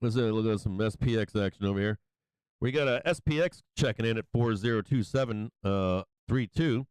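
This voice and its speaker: A man hosting a live stock market stream, calling prices in an excitable, hyped way and chuckling often. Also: lowish voice, a little fast, clear, resonant tone, dry recording, poor audio. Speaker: stock market livestream host. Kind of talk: live trading commentary.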